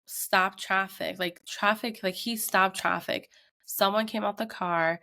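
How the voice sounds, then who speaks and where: A woman's voice: medium pitch, a little slow, creaky. A woman in her thirties, a podcast co-host, telling a tense family story in casual chat and acting out the quotes. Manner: animated retelling with acted quotes.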